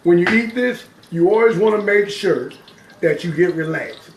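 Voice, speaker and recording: A man with a drawl talks to his viewers in an upbeat, chatty way while cooking live, his voice sitting fairly high. The kitchen sounds hard and echoey, with running water behind him. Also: lively intonation, moderate pace, slight background noise. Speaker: home cook hosting a live stream. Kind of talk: casual live cooking chat.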